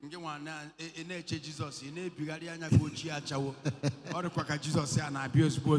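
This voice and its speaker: A man's voice: on the high side, little pitch movement, quick pace, soft background music. A Nigerian man leading a healing service as a prophet, mixing English and Igbo, playful and commanding, breaking into song and laughter. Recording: hall reverb.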